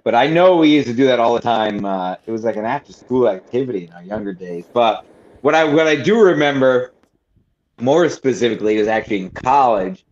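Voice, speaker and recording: A man's voice: mid-range voice, lively intonation, fairly quick, a little mellow. A man co-hosting a podcast, telling stories in casual chat with lots of fillers, restarts and swearing. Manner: rambling storyteller with many fillers and restarts, swearing. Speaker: podcast co-host. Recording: slightly dull lo-fi sound.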